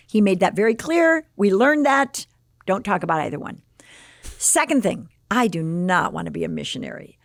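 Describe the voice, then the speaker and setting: This woman in her sixties, from the Chicago area, speaks with a mid-range, creaky voice at a moderate pace. As a podcast guest she tells a personal story in an animated way, acting out the quoted dialogue. The studio recording is clean, with no echo.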